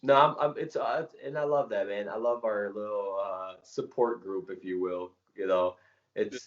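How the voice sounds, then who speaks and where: A man co-hosting a casual podcast, telling rambling, excitable stories among friends. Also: on the low side, moderate pace, roomy sound. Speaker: podcast co-host. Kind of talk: casual chat. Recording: dull lo-fi sound.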